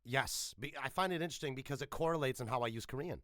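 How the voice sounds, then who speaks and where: A man from the United States hosting a podcast interview, chatting in an animated, profane, jokey way with lots of restarts. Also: medium pitch, fast, no room sound. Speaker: podcast host. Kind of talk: casual interview chat.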